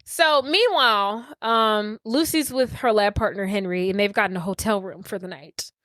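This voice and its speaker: A woman's voice: mid-range voice, moderate pace, a bit bright, dry recording, studio quality. A young woman co-hosting a podcast, casually retelling a movie plot and acting out the characters' lines. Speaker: podcast co-host.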